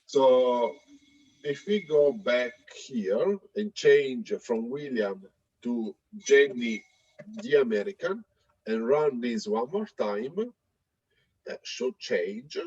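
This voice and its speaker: A man presenting a live software demo, talking in a hesitant way with many fillers and restarts. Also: mid-range voice, slightly rough, no echo, lo-fi sound. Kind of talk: live tech demo talk.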